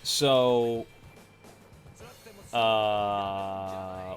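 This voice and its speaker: A man's voice: medium pitch, a little slow, a bit bright, faint music behind. A young man streaming, telling stories in a rambling, profane casual chat with many fillers.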